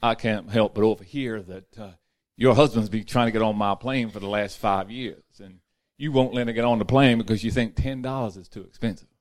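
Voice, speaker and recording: A man voicing an easygoing male pilot, speaking in a relaxed, conversational way. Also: on the low side, brisk, natural voice. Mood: polite.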